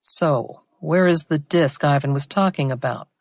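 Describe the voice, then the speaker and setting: A woman voicing a sharp, blunt woman handwriting expert in an audiobook thriller. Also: sits low, a little slow, dry recording. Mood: wary.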